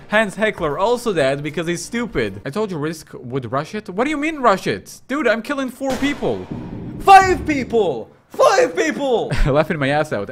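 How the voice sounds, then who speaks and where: A young man streaming a game, commenting loudly with crude jokes and sudden yells. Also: a little high. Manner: excitable, yelling and crude joking. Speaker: gaming streamer.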